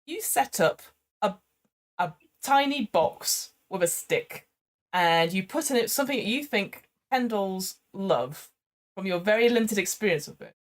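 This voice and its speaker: A woman's voice: mid-range voice, lively intonation, a little slow. Woman game master, mid-range voice, narrating an improvised game with chatty restarts over a call. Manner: chatty, laughing, hesitant restarts. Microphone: remote call microphone.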